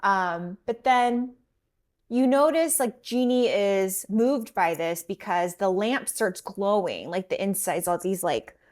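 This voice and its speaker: A woman's voice: mid-range voice, slow. A woman co-hosting a podcast, chatting casually and acting out lines as she recaps a drama episode. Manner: animated storytelling, acts out quotes. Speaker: podcast co-host.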